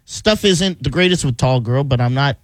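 A man's voice: mid-range voice, expressive, normal speed, no echo. A man hosting a radio show in casual studio chat, telling a rambling story with frequent laughs and repeated words.

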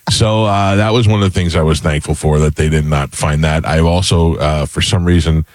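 A man with a very low voice hosts a morning radio show, rambling through stories and laughing easily. The sound is dry and close. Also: fairly even intonation, moderate pace, darkish tone, no echo. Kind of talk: casual morning radio chat.

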